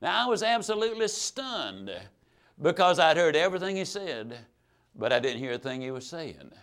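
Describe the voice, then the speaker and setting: A man telling a true story in a motivational sales talk, folksy and emphatic, swinging between loud and soft. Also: a little high, sing-song, normal speed, clear, resonant tone. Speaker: sales trainer and motivational speaker.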